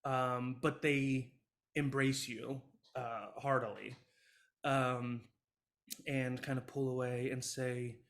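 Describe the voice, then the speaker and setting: A man narrates a tabletop game as the game master, in a relaxed, easygoing way. He often pauses on filler sounds, at an ordinary mid pitch.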